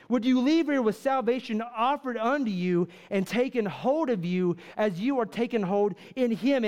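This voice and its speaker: A man's voice: very high-pitched, darkish tone. A man preaching a fervent sermon to a church congregation, full of rhetorical questions and repeated "right?" asides. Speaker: pastor.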